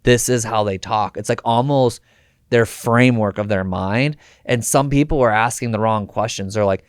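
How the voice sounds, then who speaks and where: A man's voice: mid-range voice, normal speed, smooth, no echo, clean studio sound. A man hosting a podcast interview, talking casually and energetically, slipping in slang and acted-out quotes. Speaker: podcast host.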